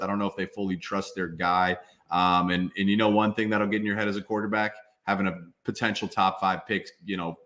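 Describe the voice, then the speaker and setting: A man's voice: fairly low pitch, fairly bright tone. A man in his twenties, a former football player, talking emphatically as a guest in a casual interview.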